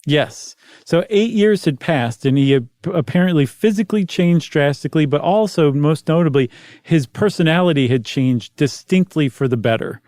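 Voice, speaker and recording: A man's voice: on the high side, expressive, normal speed, a little mellow, no echo. A man co-hosting a podcast, explaining and recapping a historical story in casual chat. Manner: explanatory, recaps facts with asides. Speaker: podcast co-host.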